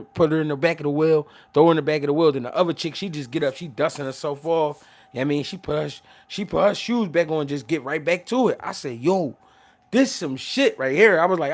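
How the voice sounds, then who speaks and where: A fairly high-pitched Philly man hosts a show and tells casual stories. He's animated, slangy, and profane, and he tends to start his sentences over.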